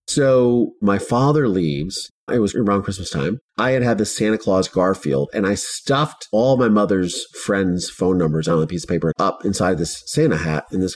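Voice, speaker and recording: Blunt, intense man telling his story. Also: low-pitched. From Ohio. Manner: intense, blunt, swears freely. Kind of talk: first-person storytelling.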